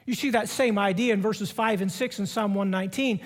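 A middle-aged man preaching a sermon, slowly repeating key phrases for emphasis. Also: sits high, fairly even intonation. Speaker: preaching professor. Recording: long reverb of a large hall.

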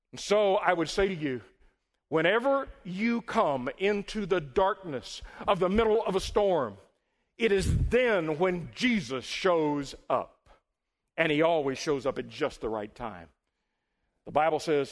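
A man preaching a sermon as pastor, emphatic, swelling loud and then dropping low.

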